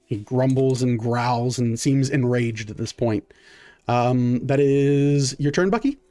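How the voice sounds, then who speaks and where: With soft music behind him, a man acting as game master narrates a tabletop game in a relaxed way, sprinkling in fillers and counting off dice rolls. His voice is medium-pitched and warm, and his pace is slow.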